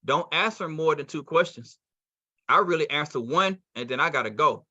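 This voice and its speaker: A man's voice: on the high side, lively intonation, normal speed, sharp tone, dry recording, muffled recording. A man running a live sales training call, acting out both sides of phone invitations. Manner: coaching, acts out both sides of calls.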